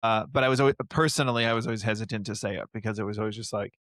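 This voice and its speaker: A man speaking as a podcast guest in casual chat, with wry, deadpan humor. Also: lowish voice, rapid-fire, no room sound, studio quality.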